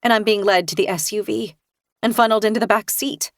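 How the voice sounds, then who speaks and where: A woman's voice: medium pitch, fairly even intonation, fairly quick, dry recording, studio quality. A woman reading a first-person thriller audiobook in a tense, vivid storytelling manner. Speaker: narrator.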